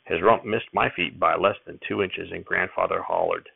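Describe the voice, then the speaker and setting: A man narrating a first-person audiobook chapter in steady storytelling, recorded with tinny phone-like sound. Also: low-pitched, normal speed, vocal fry, breathy edge, dry recording.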